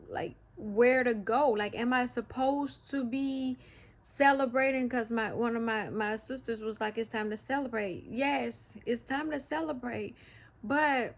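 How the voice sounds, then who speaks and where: Slow, halting woman with a higher voice. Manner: halting, emotional, restarts often; faith-filled, speaks of God. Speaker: vlogger. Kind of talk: personal reflective vlog.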